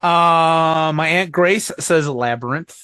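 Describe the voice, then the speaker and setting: A man's voice: fairly high pitch, slow, pushed and bright, smooth, dry recording. A young man with a Chicago accent hosting a podcast in casual chat, rambling with many ums and small laughs. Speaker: podcast host.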